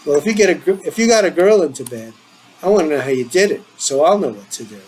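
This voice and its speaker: A man's voice: expressive, quick pace, a little hiss or hum, natural voice, low-quality recording. A man voicing a teasing, eager teenage boy, in a playful, needling manner. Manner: playful, needling, higher and brighter than his own voice.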